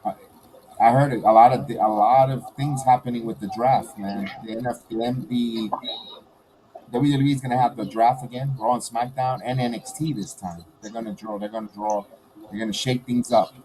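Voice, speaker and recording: A man with a New York accent hosting a casual baseball watch-along, calling pitches in a relaxed way and chuckling between them. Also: moderate pace, a little hiss or hum, low-quality recording. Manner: laid-back, chuckling between pitch calls. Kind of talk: casual play-by-play commentary.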